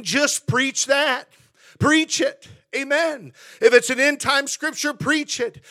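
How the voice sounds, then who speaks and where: A man's voice: very high-pitched, fairly bright tone. A middle-aged man preaching a sermon in church as pastor, emotional and fervent, often repeating phrases. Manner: emotional, preaching with rising fervor and repetition.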